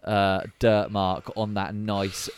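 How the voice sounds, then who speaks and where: A man's voice: lowish voice, little pitch movement, slow, clean tone. A man co-hosting a podcast, chatting casually and rambling a little with fillers. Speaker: podcast co-host. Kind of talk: casual chat.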